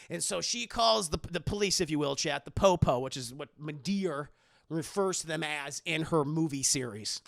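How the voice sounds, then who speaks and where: A man streaming live, recapping a film in an animated, rambling, profane way. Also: on the high side, moderate pace, gravelly.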